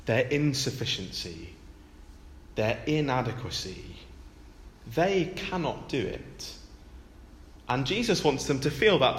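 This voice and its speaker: A man's voice: mid-range voice, a bit bright, echoey room, long reverb tail. A man preaching a sermon in a conversational way, with rhetorical tag questions and emphatic repetition.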